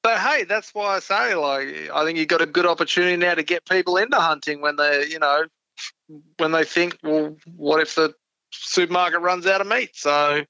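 A man's voice: fairly high pitch, moderate pace, sharp tone, clean tone, dry recording. A man, a podcast guest telling easygoing, self-deprecating stories in casual chat. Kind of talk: casual chat about hunting. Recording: dull lo-fi dry sound.

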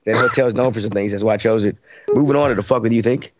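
A man's voice: on the low side, racing, muffled recording, a crowd in the background. A man hosting a podcast in a casual chat, joking and teasing his co-hosts. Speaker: podcast host.

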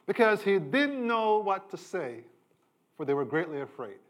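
A middle-aged pastor's sermon comes in a fairly high, sing-song voice at a moderate pace. He preaches conversationally, repeatedly lifting and dropping his pitch and volume to stress his points.

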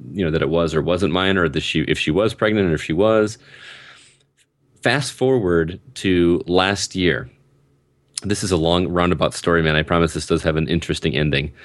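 A man's voice: sits low, no room sound. A man in his thirties telling a long personal story in casual conversation, rambling and restarting his sentences with lots of ums. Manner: rambling, self-interrupting storyteller with frequent ums.

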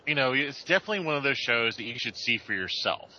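A man's voice: mid-range voice, expressive, quick pace, sharp tone, highs cut off. A man hosting a podcast, wrapping up a segment and speaking directly to listeners. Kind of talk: casual chat.

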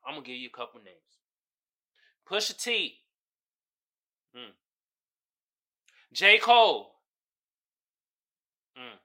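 A man hosting a podcast, giving casual solo commentary in an animated, profane way, often laughing and putting on voices. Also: sits high, takes it slowly, pauses often. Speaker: podcast host.

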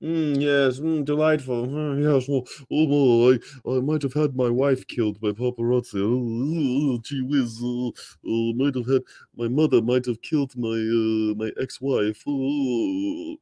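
A man's voice: medium pitch, fairly even intonation, a little slow, mellow, no echo, natural voice. A man doing a comic impression of a pompous aging royal man, murmuring in a posh, prissy way. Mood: smug prissy.

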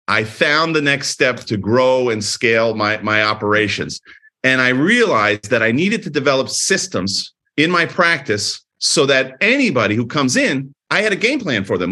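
A man's voice: mid-range voice, normal speed. A middle-aged man, a chiropractor with many clinics, speaking casually as an interview guest and acting out quoted dialogue as he tells his stories. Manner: energetic storyteller, acts out quoted dialogue.

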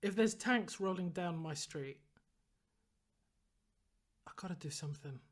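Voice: medium pitch, a little slow. A podcast co-host from Britain, making a rousing, worked-up speech in casual chat and swearing freely.

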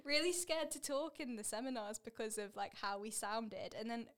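A woman's voice: a little high, normal speed, a bit bright. A young woman from Leek with a northern Staffordshire twang, hosting a podcast interview and chatting casually with plenty of "like" fillers. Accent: northern English, Staffordshire. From Leek, England.

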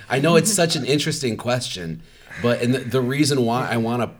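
A man in a casual conversation who speaks in a quick, low-key way and laughs easily.

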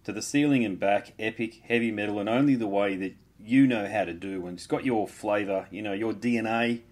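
A man's voice: on the low side, fairly quick, darkish tone. A man hosting an interview, talking casually with effusive, fan-like praise and some swearing. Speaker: interviewer host.

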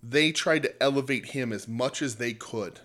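A man's voice: medium pitch, moderate pace, a bit bright. A man co-hosting a podcast, chatting casually about wrestling in a rambling way, full of fillers and restarts. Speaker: podcast co-host.

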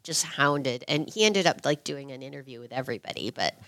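Animated woman telling a story, dry mic. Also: very deep voice, a little fast, dry recording. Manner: animated, laughs often, acts out quotes. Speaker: guest, former TV reporter. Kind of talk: casual storytelling.

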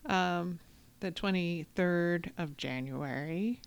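A woman co-hosting a podcast, chatting casually and briskly calling out crossword clues and the start countdown. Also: fairly low pitch, creaky. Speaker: podcast co-host. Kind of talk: casual chat while solving crosswords.

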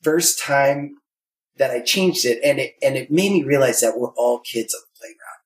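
A man's voice: medium pitch, normal speed. A man talking candidly and animatedly, acting out quoted voices as he tells stories. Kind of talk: candid conversation. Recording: roomy echo.

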